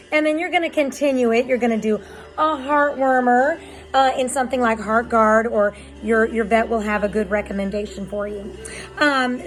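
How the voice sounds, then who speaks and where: A woman's voice: a little high, rough recording. A woman dog breeder in a casual vlog, chatting and explaining with filler ums.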